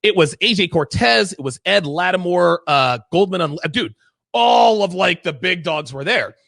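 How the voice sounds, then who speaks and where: A man's voice: high-pitched, animated, normal speed, creaky, a bit bright, no room sound. A man hosting a talk show, telling stories in a blunt, emphatic, profane way. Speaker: podcast host. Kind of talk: casual chat.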